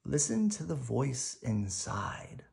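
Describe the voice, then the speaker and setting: A man voicing a gentle old grandmother spirit in a storybook read-aloud, speaking softly, slowly and near a whisper. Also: on the high side, wildly swooping pitch, creaky, exaggerated voice. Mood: tender. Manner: soft, slow and hushed.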